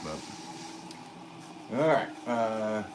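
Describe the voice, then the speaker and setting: A man with a very low voice chats easily on a live stream, thinking aloud as he works and answering viewers. Loud background noise and clicks run under the recording from his studio. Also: sing-song, drawn-out words. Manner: easygoing, thinks aloud, reads chat comments. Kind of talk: casual live-stream chat while working. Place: pottery studio.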